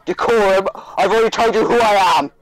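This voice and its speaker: A man's voice: high voice, fairly quick, dry recording, natural voice, poor audio. A man voicing a haughty, self-important noblewoman priestess, pompous and commanding, over an online call. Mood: imperious.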